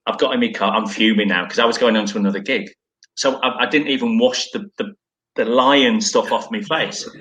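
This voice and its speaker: A man's voice: on the low side, pushed and bright. A middle-aged man and former footballer, telling self-deprecating stories in a rambling, casual way.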